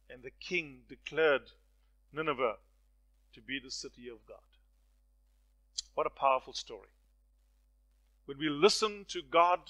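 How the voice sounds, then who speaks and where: A man preaching a sermon, swinging from hushed lines to loud, stirring ones and acting out the voices in his stories. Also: on the high side, poor audio. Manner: dramatic swings from soft to loud; storytelling with acted voices.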